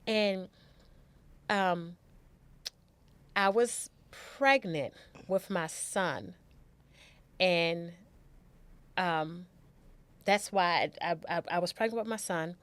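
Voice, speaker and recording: A middle-aged woman speaks as a podcast guest in a slightly low voice, recounting her own story with raw, candid emotion. She often doubles back on her words. The sound is close and dry, with no room around it. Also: takes it slowly, long pauses, a bit bright, no room sound. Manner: candid, emotional, repeats words, acts out quotes.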